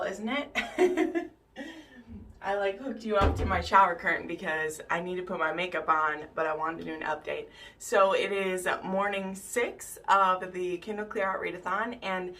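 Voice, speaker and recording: A woman's voice: fairly low pitch, bright, forceful tone. A woman vlogger in casual book chat, talking in a loose, chatty way full of "like" and "um". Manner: chatty, lots of "like" and "um", acts out characters' lines. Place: home bathroom, camera hung on shower curtain.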